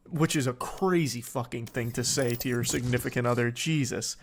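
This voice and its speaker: A man's voice: medium pitch, normal speed, vocal fry, few pauses. A man streaming live, reading text messages aloud and mocking them with sarcastic, incredulous commentary and frequent swearing.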